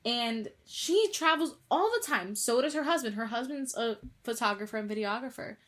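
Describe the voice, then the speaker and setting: A woman's voice: fairly high pitch, animated, normal speed, a bit bright. A young woman co-hosting a podcast in casual chat, emphatic and repeating words as she talks. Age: young adult. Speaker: podcast co-host.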